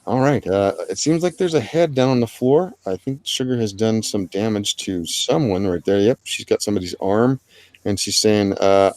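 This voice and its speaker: Deep-ish guy hosting a livestream, jokey rambly chat, dry close mic. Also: expressive, moderate pace, a little mellow, no echo. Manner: joking, rambling, self-deprecating. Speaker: livestream host. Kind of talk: casual livestream commentary.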